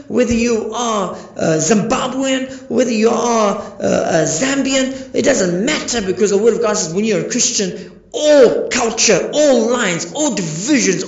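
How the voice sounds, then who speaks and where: High-voiced preaching pastor, echoey and lo-fi. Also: male voice, expressive, a little slow, vocal fry. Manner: emphatic preaching with rhetorical questions. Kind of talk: sermon. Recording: echoey, dull lo-fi recording.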